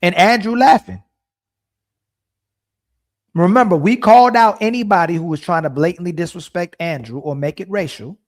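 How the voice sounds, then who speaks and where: Reacting to a clip on his stream, a high-pitched male host repeats himself indignantly and stops now and then to search for the right words.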